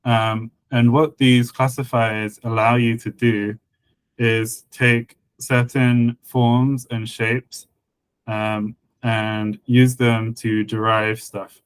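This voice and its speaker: A man chatting casually on a podcast, explaining a constructed language, with many fillers and a patient, halting delivery. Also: medium pitch, flat delivery, clean tone, no room sound, poor audio. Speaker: conlang creator guest and co-host. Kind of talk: casual podcast chat about linguistics.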